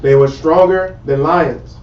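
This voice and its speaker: A man reading scripture aloud slowly and deliberately in a Bible study group. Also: on the high side. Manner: slow, measured reading. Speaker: scripture reader. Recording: echoey, dull, distant mic.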